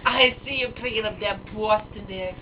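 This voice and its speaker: A woman's voice: medium pitch, normal speed, far from the mic, lightly acted. A woman playing a brash, rambling middle-aged East Coast mom in an improvised home comedy skit, boasting and mixing up places. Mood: boastful. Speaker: talk show guest. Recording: muffled, hissy home camera audio, off-mic.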